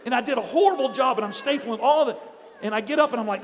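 A middle-aged man pastor preaching a sermon in a church, telling stories with animated energy and building to shouts. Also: extremely high pitch, very fast, long reverb tail, a little hiss or hum. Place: church sanctuary.

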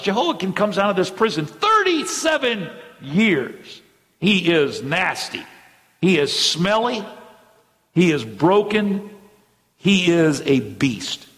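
A middle-aged male pastor preaching a sermon with fervent energy, speeding up and slowing down as he drives points home. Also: fairly high pitch, fairly bright tone. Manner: fervent preaching with sudden swings in pace. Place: church sanctuary. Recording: church hall reverb.

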